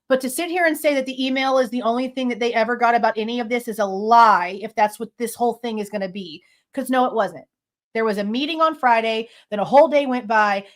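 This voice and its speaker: A woman hosting a true crime reaction, talking bluntly and scornfully. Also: on the high side. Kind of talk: heated commentary over clips.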